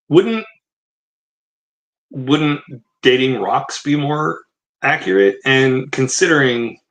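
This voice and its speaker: Mixing read-aloud book excerpts with scornful rebuttals, a man delivers casual, rambling, sarcastic commentary full of asides. His mid-range voice sounds pushed and bright, and the audio is poor.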